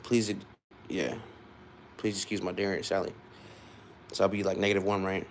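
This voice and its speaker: Young man from Ohio, 20s, livestreamer; rambling, easygoing chat with a low voice. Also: flat delivery, normal speed, slight background noise. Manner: rambling, loose and laughing, with many restarts. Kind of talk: casual live-stream chat with viewers.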